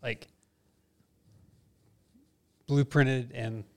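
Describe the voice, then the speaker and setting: A man in a casual podcast chat in a garage, thinking aloud in halting starts and restarts. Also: medium pitch, steady tone, a little mellow. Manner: halting, restarts often, swears. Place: home garage.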